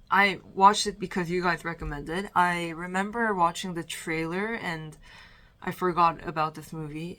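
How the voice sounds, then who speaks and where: Breathless young woman chatting slowly, lowish voice. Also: a bit bright. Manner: chatty, rambling, fillers and trailing restarts. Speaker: vlogger. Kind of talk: casual movie-ranking chat. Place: her bedroom.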